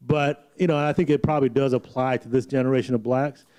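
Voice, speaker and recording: A man attending a church talk, speaking in a measured way as he calmly disagrees in casual discussion. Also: medium pitch.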